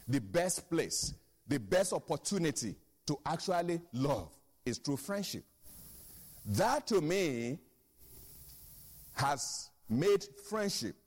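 With a medium-pitched voice in a large, reverberant room, a man preaches as pastor, emphatic and repetitive with key phrases, calling on the congregation for an amen.

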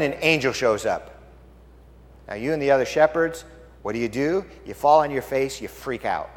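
A man preaching a sermon, telling the story dramatically and swinging from hushed tones to loud exclamations. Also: medium pitch, long reverb tail. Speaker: pastor.

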